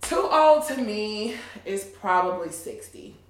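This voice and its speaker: A woman's voice: medium pitch, lively intonation, takes it slowly, roomy sound, slight background noise. A woman co-hosting a casual podcast chat, talking candidly and bluntly, laughing often. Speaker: podcast co-host.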